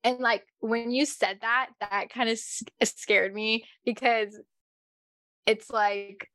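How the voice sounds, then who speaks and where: A woman's voice: fairly high pitch, fairly even intonation, takes it slowly, a bit bright, no echo. Young woman, dry close voice, rambling. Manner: rambling, filler-heavy theorizing. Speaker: podcast co-host. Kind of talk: casual chat.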